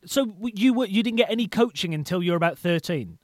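A man's voice: high-pitched, animated, fast, slight background noise. A man hosting a podcast, chatting casually and telling anecdotes with an easy, friendly flow. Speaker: podcast host. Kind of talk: casual chat.

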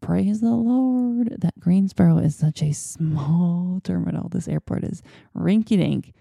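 A woman's voice: lowish voice, unhurried, vocal fry, mellow, no room sound, studio quality. A woman hosting a podcast, telling a personal story in a chatty, rambling way. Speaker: podcast host. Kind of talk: casual storytelling.

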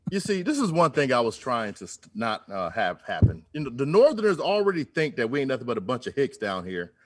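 Lively husky man from Georgia. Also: medium pitch, brisk. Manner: lively, joking, laughs often. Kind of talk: casual chat.

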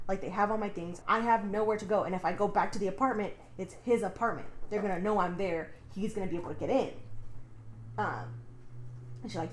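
A woman's voice: medium pitch, a little fast, a little hiss or hum. Chatty young woman, echoey room. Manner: chatty, swears freely, heavy use of "like". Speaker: podcast co-host. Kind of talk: casual recap of a book.

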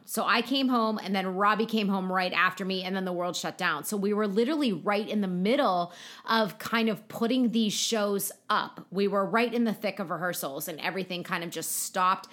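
Woman, podcast co-host, chatty, relaxed, mid pitch. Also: normal speed. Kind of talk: casual chat.

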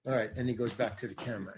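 Older man telling lively anecdotes. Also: mid-range voice, quick pace, slight background noise. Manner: animated, acts out other people's lines. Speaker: guest comedian and actor. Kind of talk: anecdotal storytelling.

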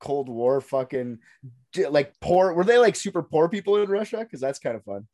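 A man's voice: fairly high pitch, expressive, moderate pace, dark tone. A man co-hosting a casual podcast, talking in a rambling, loose way with lots of "like" and swearing. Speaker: podcast co-host.

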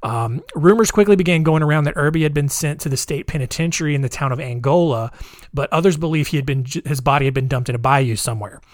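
A man's voice: fairly high pitch, fast, dry recording, clean studio sound. A man casually telling a history story, with frequent fillers, wry jokes and asides. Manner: conversational, many fillers and asides.

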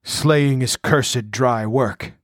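A wounded barbarian king, gruff and wrathful, as a man reading a storybook puts him on. He talks in a forceful growl. The recording is dry and close. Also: medium pitch, very slow, dry recording. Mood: weary. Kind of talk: audiobook character voice.

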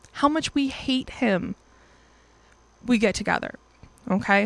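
Chatty young woman with vocal fry. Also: medium pitch, no room sound. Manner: chatty, swearing, acts out quotes with lively voices. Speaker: podcast or vlog host. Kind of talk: casual storytelling.

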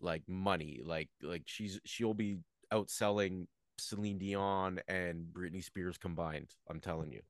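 A man's voice: sits low, steady tone, unhurried, hardly any pauses, dry recording, clean studio sound. A man co-hosting a casual chat, needling his partner with teasing banter. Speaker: podcast co-host.

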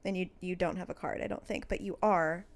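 Chatty woman co-host, laughs thru her stories, super animated. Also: on the low side, a little fast, vocal fry. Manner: animated storyteller, laughs often. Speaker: podcast co-host. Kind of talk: casual chat.

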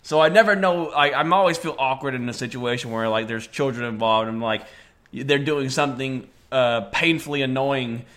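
Bright-voiced man rambling in casual chat. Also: mid-range voice, fairly even intonation, moderate pace. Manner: rambling, lots of fillers and laughing. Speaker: podcast co-host.

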